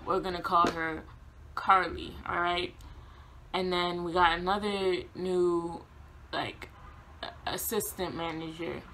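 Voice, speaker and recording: A young woman vlogger telling a casual storytime, animated, laughing often and acting out quotes. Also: on the low side, takes it slowly, pauses often.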